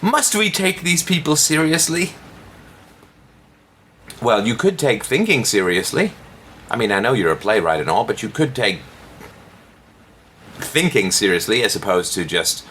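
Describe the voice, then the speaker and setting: A middle-aged man hosting a podcast, reading an article aloud and mocking it, with theatrical jumps in pitch when he scoffs. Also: big pitch swings, moderate pace, pauses often, a bit bright, a little hiss or hum. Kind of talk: sarcastic commentary on a read-aloud article.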